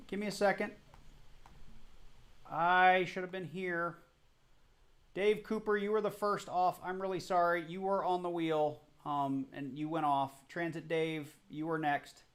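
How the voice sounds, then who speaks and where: Chatty man hosting a live coin stream. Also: a little high. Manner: chatty, apologetic, flustered. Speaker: livestream host. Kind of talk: casual live stream chat.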